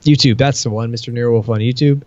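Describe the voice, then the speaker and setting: A man in a casual podcast chat who rambles through his stories, swears freely and acts out both sides of an argument. His voice sits at a middling pitch. The audio is dull and lo-fi. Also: fairly even intonation, quick pace, a little mellow, no echo. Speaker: podcast co-host.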